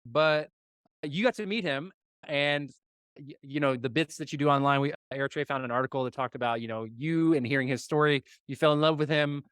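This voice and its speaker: A man's voice: on the high side, a little fast, a bit bright, clear, resonant tone, dry recording. A man from Dallas hosting a podcast, interviewing a guest in a friendly, enthusiastic way over a call. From Dallas, Texas. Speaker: podcast host. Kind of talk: casual interview. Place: remote call.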